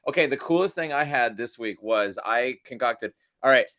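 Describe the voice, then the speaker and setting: A man's voice: mid-range voice, expressive, moderate pace, sharp tone. A man co-hosting a podcast in casual chat, telling stories in a rambling, self-amused way. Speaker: podcast co-host.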